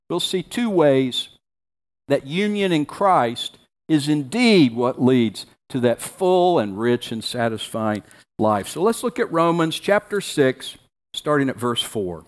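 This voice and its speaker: A male pastor preaching a sermon, reading scripture aloud and repeating key phrases for emphasis. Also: on the high side.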